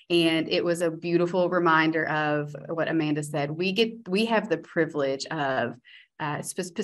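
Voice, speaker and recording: A woman's voice: on the low side, a bit bright. A woman community college educator telling a student story on a webinar panel, earnest and reflective.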